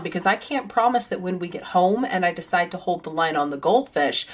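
Blunt, swearing woman guest. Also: medium pitch. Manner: blunt and profane. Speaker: podcast guest; parent. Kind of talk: casual podcast chat.

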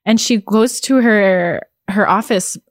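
A woman's voice: medium pitch, slow pace, no echo, clean studio sound. A woman co-hosting a podcast in casual chat, telling stories frankly and laughing often. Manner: candid, giggly storyteller. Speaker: podcast co-host.

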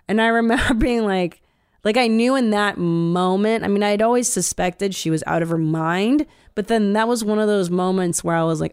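A woman hosts a podcast in loose, rambling chat, swearing freely and laughing often. Her voice has a gravelly, frayed edge and sits at a medium pitch. The sound is dry and close to the mic. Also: normal speed, a little mellow, no room sound. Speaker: podcast host.

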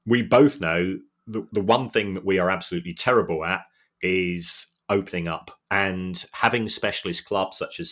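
A middle-aged man co-hosting a podcast, talking in an earnest, reflective and halting way. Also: low-pitched, a bit bright. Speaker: podcast co-host. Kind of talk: casual podcast chat.

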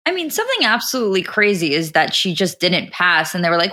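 Bright-voiced chatty woman podcast host. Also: mid-range voice, fast talker. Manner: animated, fills talk with "like", swears. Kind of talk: casual recap chat.

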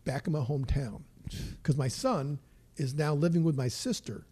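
A man's voice: a little high, moderate pace, warm tone, breathy edge. An older man, a comedian guest, telling stories in a rambling, stop-start way with many repeated words. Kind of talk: casual storytelling chat.

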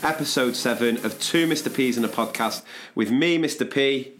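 A man, hosting a podcast in casual chat, chirpy and jokey, sometimes dropping low and soft while recounting. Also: normal speed. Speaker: podcast host.

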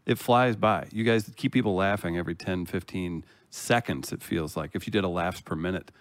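Deep-voiced man, measured and dry. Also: dry recording. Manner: measured, with many filler uhs. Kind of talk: casual podcast chat.

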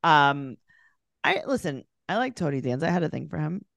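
Woman podcast co-host, low and very lively, joking recap, dry close mic. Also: brisk, creaky, no room sound. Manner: animated, joking recaps with quoted voices. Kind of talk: casual chat.

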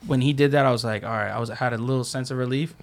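A man's voice: medium pitch, fairly even intonation, very fast, gravelly. A man chatting casually as a podcast guest, telling stories and acting out quotes, with lots of "like" filler. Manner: storytelling, acts out quotes, many likes. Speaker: podcast guest, skate filmer. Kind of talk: casual chat.

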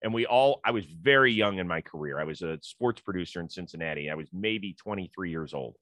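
Middle-aged sports talk host, dry studio sound. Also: male voice, low-pitched, animated, a little fast, a bit bright, no echo. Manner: conversational, stat-citing, storytelling.

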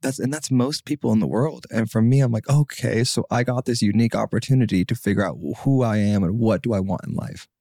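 A young man in his twenties tells his story as a podcast guest, his low voice rough with vocal fry. He talks casually and animatedly, acting out what other people said. The close mic sounds dry. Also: fast, hardly any pauses, no echo. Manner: animated, acts out quotes, many fillers. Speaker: podcast guest, singer-songwriter.

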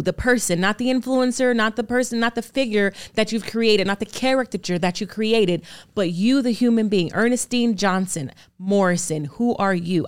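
A woman in her thirties talks candidly as a guest on a podcast, her voice sitting at an ordinary middle pitch. She speaks earnestly and with emphasis. She often stacks one rhetorical question on another. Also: smooth. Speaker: podcast guest, actor and producer. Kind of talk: candid interview talk.

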